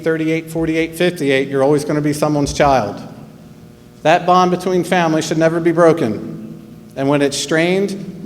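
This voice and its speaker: Earnest man with a New Jersey accent. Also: a little high. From New Jersey, USA. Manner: earnest, measured, with pauses. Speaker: school principal giving graduation speech. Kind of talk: commencement speech. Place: large auditorium or arena. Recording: long hall reverb, faint hum.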